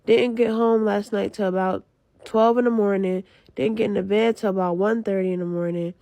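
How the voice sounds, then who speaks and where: Exhausted young woman with a gravelly voice. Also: medium pitch, darkish tone, no room sound. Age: young adult. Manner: exhausted, venting, swearing often. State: very tired. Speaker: student with a retail job. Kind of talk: casual vlog confession. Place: lying in bed.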